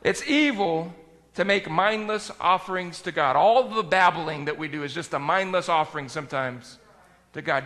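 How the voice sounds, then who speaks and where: A man preaching a sermon as pastor, talking in a conversational way that swings between loud and quiet. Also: on the high side, normal speed, big-room sound.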